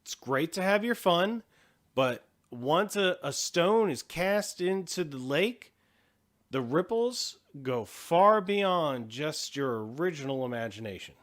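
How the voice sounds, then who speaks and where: A man's voice: a little high, expressive, takes it slowly, fairly bright tone. A man hosting a show, casually reacting to video clips with profane, chatty commentary. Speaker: host.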